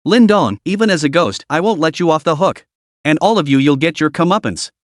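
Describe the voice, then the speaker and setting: A man's voice: on the high side, expressive, a little fast, no room sound, studio quality, lightly acted. A man voicing a desperate, crippled middle-aged man who pleads and curses frantically. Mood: raging.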